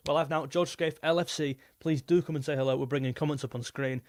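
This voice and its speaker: Young male streamer for a casual reaction chat; voice sits a little high, loose and repetitive delivery, dry close-miked sound. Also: steady tone, fast talker, no echo. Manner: rambling, repeats himself, reads super chats aloud. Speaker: football YouTuber hosting a live stream.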